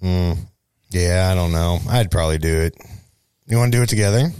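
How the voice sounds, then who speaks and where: A man with a St. Louis accent chatting through local news stories as a co-host, joking and lively, full of playful asides. His voice sits fairly low. It is recorded close and dry, with no room sound. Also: a little fast, clean tone, dry recording. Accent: St. Louis, Missouri. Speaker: show co-host. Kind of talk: casual local news chat.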